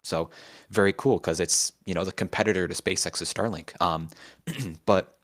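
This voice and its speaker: Casting: male co-host, very deep voice, relaxed explainer. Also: moderate pace. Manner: relaxed, explanatory, many ums. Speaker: co-host, writer. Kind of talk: casual live show chat.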